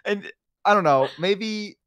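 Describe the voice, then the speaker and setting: A man with a Southern US accent, a streamer chatting casually and telling profane, animated stories. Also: sits high, takes it slowly, no room sound. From Southern United States. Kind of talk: casual group chat.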